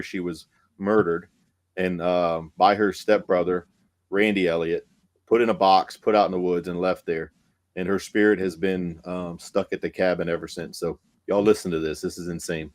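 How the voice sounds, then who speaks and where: A man, a paranormal investigator guest telling a story in casual podcast chat, excited and profane, with many fillers. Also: sits low, moderate pace.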